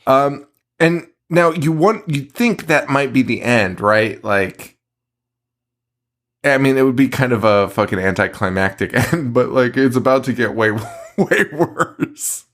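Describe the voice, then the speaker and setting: A man in a casual podcast chat talks at an unhurried, drawn-out pace. His voice sits at an ordinary middle pitch. He recaps a film with a lot of swearing and breaks often into laughter. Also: animated, a bit bright. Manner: laughing, profane movie recap. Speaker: podcast co-host.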